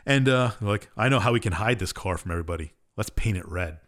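A man's voice: on the low side, expressive, fast, a bit bright. A man co-hosting a podcast, casually recapping a game's story in a laid-back, dismissive way. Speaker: podcast co-host. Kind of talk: casual chat, recapping a game plot.

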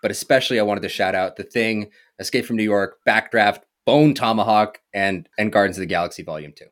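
A man hosting a casual movie podcast, talking in a rambling way with halting restarts and frequent laughs. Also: fairly low pitch, fairly bright tone. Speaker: podcast host.

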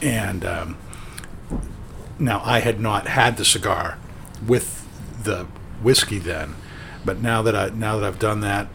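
Man, podcast host, casual chat, rambling, lots of fillers, lowish voice. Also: slow pace, gravelly, fairly bright tone, a little hiss or hum. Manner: rambling, with many fillers and restarts.

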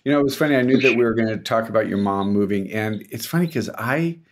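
Gravelly low-voiced man, dry and teasing. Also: fast, slight background noise. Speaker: podcast co-host. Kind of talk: casual chat.

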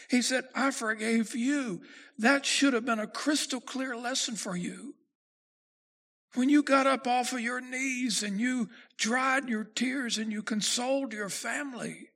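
A man preaching a sermon in a high voice with a gravelly edge. He reads scripture in slow, measured phrases, then presses his points with growing force. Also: a bit bright. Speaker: pastor.

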